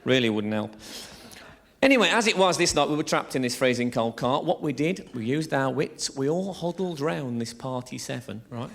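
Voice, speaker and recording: A man's voice: mid-range voice, normal speed, gravelly. A man, doing a rambling, swearing stand-up set in a theatre. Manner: lively, rambling, swearing storyteller. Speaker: stand-up comedian. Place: theatre stage before a laughing audience. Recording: live theatre recording, crowd laughter.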